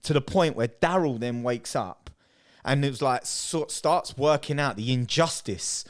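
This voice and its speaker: A man's voice: mid-range voice, unhurried. A man with a British accent, co-hosting a podcast and telling a funny story in casual chat, acting out what people said. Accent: British English. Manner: animated storyteller, acts out quotes loudly and laughs. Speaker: podcast co-host.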